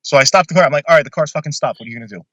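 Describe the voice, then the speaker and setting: A man's voice: on the high side, very fast, bright, forceful tone, no echo, highs cut off. A man casually telling a long personal story on a podcast, blunt and swearing freely.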